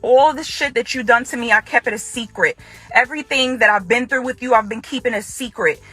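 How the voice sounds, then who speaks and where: A woman's voice: fairly high pitch, brisk, pushed and bright, slightly rough, faint music behind. A woman making an angry direct-to-camera statement to her ex-husband, confrontational and repeating phrases for emphasis. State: furious. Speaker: ex-wife speaking out.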